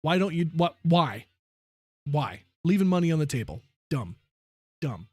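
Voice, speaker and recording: A young man live streaming a game and chatting loosely with his viewers, opinionated and full of slangy asides. His voice sits a bit high for a man. The sound is dry and close, with no room around it. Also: animated, moderate pace, a little mellow, no room sound.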